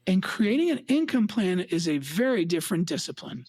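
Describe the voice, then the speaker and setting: A woman's voice: lowish voice, a little fast, slightly rough, dry recording. A woman who works as a financial advisor, talking emphatically on an advice chat show and acting out her clients' voices. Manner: emphatic, lively, mimics clients.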